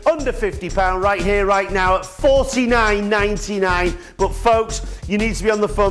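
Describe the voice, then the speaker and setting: A middle-aged man with a northern English accent sells a product on a live shopping channel. His voice sits high, and he keeps up a chatty, repetitive patter that calls the viewers folks. Faint music plays underneath. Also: moderate pace, hardly any pauses. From northern England. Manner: chatty, repeats words, addresses viewers as folks. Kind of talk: live TV sales pitch.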